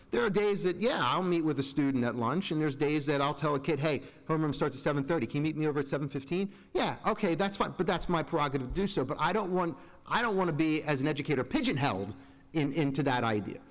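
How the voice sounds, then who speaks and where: A man's voice: fairly high pitch, lively intonation, fast. Board member, 40s man, earnest and rambling, long hall echo. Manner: rambling, earnest, self-interrupting. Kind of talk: public meeting remarks. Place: large school meeting room. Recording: reverberant hall.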